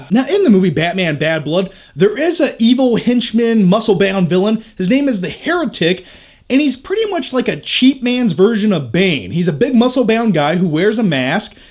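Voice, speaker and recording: A young man talks through his movie picks in a casual vlog voice, candid and full of jokes. His voice sits high for a man. He drops in crude asides without slowing down. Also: sing-song, a little mellow. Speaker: movie review vlogger. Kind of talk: casual review chat.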